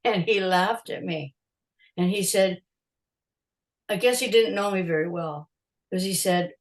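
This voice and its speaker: An older woman from Canada, a concert photographer guesting on a podcast, telling stories in an animated way with frequent laughter. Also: on the low side, a little slow, pauses often, rough recording. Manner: animated storyteller, laughs often, acts out quotes. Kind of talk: casual interview storytelling.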